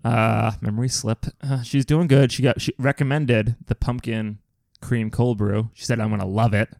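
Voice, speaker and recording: A man co-hosting a podcast, telling stories in a lively, swearing, casual way. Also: medium pitch, normal speed, vocal fry, dry recording, studio quality. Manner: animated, swearing storyteller. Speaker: podcast co-host. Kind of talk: casual chat.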